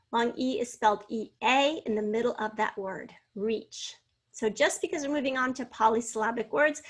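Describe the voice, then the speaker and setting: A woman with a slightly high voice teaches a spelling lesson. She sounds out each word slowly and clearly, syllable by syllable, and then reads an example sentence. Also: a bit bright. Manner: slow, clearly enunciated, sounding out words.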